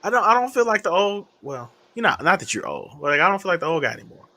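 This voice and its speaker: Lively, bright-voiced male stream host. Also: sits high, fast talker. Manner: animated, laughing, reading chat names aloud. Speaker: livestream host. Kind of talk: casual livestream chat.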